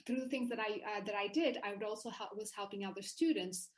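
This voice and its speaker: A woman guest in a casual interview, recounting her own story in an animated way, often restarting her sentences. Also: medium pitch, quick pace, rough recording.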